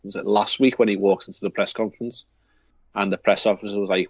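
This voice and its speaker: A man's voice: lowish voice, steady tone, quick pace, slightly rough, no room sound, dull audio. A man with a Liverpool accent co-hosting a football podcast, talking in a rambling way with many restarts. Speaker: podcast co-host. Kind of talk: casual football chat.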